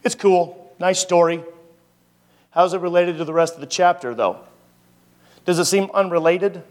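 A man's voice: high voice, normal speed, a little mellow. A man, a pastor, preaching a conversational sermon and asking his listeners many rhetorical questions. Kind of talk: sermon teaching.

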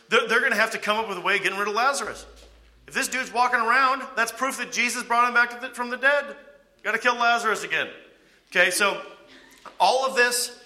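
A man with a higher-than-usual voice and a very sharp, bright edge leads a Bible study. He talks it through conversationally, checking in with "okay?" and throwing out rhetorical questions.

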